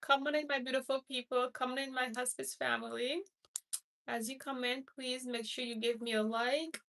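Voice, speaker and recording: A woman's voice: high-pitched, steady tone, moderate pace, creaky, a bit bright, far from the mic. A woman from Haiti, a hospice nurse, hosting a casual live stream who rambles, repeats herself and greets viewers by name. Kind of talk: casual livestream chat.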